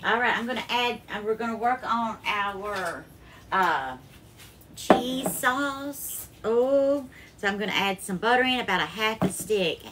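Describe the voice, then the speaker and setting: Hosting a casual live cooking stream from her home kitchen, a Southern-accented woman from Alabama greets viewers by name with bubbly sing-song hellos and effusively calls them darling. Her voice is a little high, her pace measured, with background noise in the recording.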